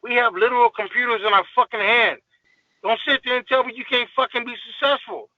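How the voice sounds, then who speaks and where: A man's voice: very high voice, brisk, no echo, highs cut off. A man guest on a podcast, ranting in a heated, profane, emphatic way in casual talk.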